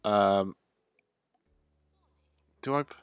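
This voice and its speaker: A man's voice: on the low side, drawn-out words, clear, resonant tone, no echo, clean studio sound, faint music behind. A man streaming a video game live, chatting in a loose, rambling way with frequent ums and uhs. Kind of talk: casual let's-play livestream commentary.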